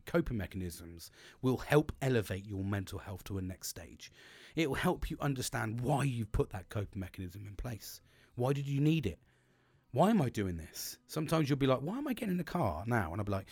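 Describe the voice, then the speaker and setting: Bloke podcasting, chatty and sweary, keeps restarting sentences, dry close mic. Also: male voice, lowish voice, a little mellow, dry recording. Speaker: podcast host. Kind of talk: casual monologue on coping and mental health.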